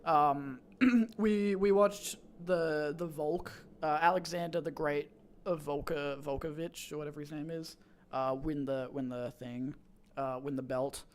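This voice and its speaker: A man's voice: fairly high pitch, fairly even intonation, a little slow, slight background noise. A young man in his twenties, hosting a stream and rambling through a story with lots of fillers and restarts. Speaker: streamer host. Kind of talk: casual chat.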